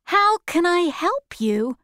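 A woman's voice: very high-pitched, big pitch swings, takes it slowly, sharp tone, no echo, clean studio sound, voice pushed up, full character voice. A woman voicing a kind, curious young girl in a storybook reading, her tone raised and eager.

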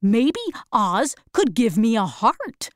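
A woman voicing a gentle, sad tin man who longs for a heart, telling his story in a soft, mournful way in a storybook reading. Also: a little high, sing-song, slow pace, no echo, studio quality.

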